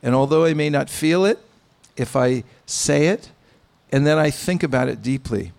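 A man giving a devotional sermon, speaking in a measured, pausing way with gentle humor. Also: mid-range voice, vocal fry. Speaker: spiritual teacher. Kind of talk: sermon with anecdotes.

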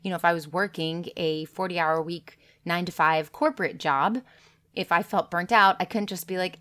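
A woman's voice: on the low side, fairly even intonation, normal speed, fairly bright tone. A woman business coach talking candidly and earnestly about taking a break from posting content. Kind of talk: casual direct-to-camera talk.

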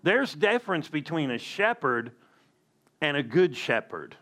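Slow-preaching man pastor. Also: fairly high pitch, sing-song, a bit bright. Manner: emphatic preaching with asides. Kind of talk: sermon.

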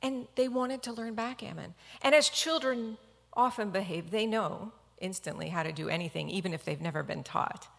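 A woman's voice: mid-range voice, moderate pace, gravelly, fairly bright tone, big-room sound. A woman physician telling a personal story in an earnest, reflective talk.

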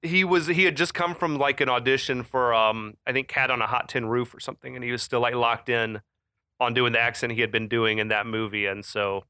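A man co-hosting a casual movie podcast, chatty and quick to laugh, with lots of fillers. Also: mid-range voice, steady tone, sharp tone, clean tone, dry recording. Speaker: podcast co-host. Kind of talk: casual chat about movies.

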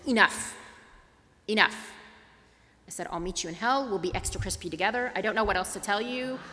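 A woman's voice: on the low side, big-room sound. A middle-aged woman from Tulsa telling a personal story as an interfaith advocate, acting out the dialogue as she goes. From Tulsa, Oklahoma. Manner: animated storyteller, acts out dialogue.

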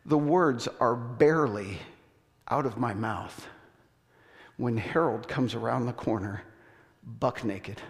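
A male pastor telling a story in a sermon, acting out voices with laughter and animated delivery. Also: mid-range voice, takes it slowly, pauses often. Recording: long hall reverb.

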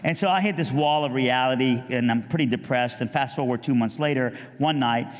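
A middle-aged man from Iran gives a spoken testimony full of jokes, often leaping high to play other people's lines. His voice sits at a middle pitch and carries a long reverb from a large hall. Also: brisk. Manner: animated, jokey, mimics voices, rises high for punchlines. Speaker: speaker giving a testimony. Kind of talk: storytelling testimony with humor.

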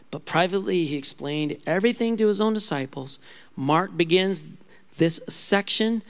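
A man preaching a sermon as pastor, earnest and questioning, with frequent restarts and fillers. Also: sits high. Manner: earnest, questioning, drops to a soft altar-call tone.

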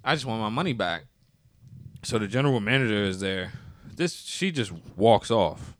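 A man with a lowish voice tells a story in casual, profanity-heavy chat. He gets animated and acts out other people's lines. The recording is dry and close. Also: moderate pace, no room sound.

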